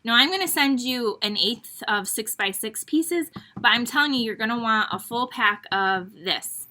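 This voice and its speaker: A woman's voice: a little high, normal speed, pushed and bright. Chatty woman hosting a craft class. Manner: chatty, rambling, with frequent ums and laughs. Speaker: online card-making class host. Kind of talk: casual crafting tutorial.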